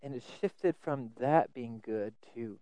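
Here the preacher's voice is mid-range and his pace measured, in a dry, rough recording. Earnest throughout, he repeats words for stress and alternates between loud emphasis and quiet asides.

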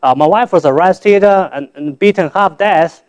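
Male guest speaker, higher register, halting broken-English church testimony. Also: highs cut off. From China. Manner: halting, repeats and restarts words, simple broken English.

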